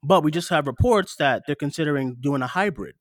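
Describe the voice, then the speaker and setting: A man co-hosting a podcast, ranting in rapid bursts with emphatic swearing. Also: on the high side, no room sound, studio quality. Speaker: co-host. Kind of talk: heated casual podcast chat. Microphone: studio mic, remote co-host.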